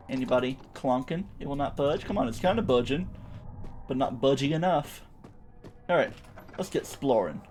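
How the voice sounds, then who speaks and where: This young male streamer uses a mid-range, darkish voice for his playful, chatty commentary on a game, dotted with silly sound words. Slight background noise sits under the recording.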